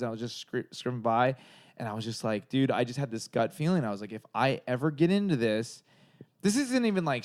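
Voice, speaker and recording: A man from Southern California, a comedian guest, telling a long story in casual chat, rambling and swearing with lots of filler words. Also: mid-range voice. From San Gabriel Valley, California.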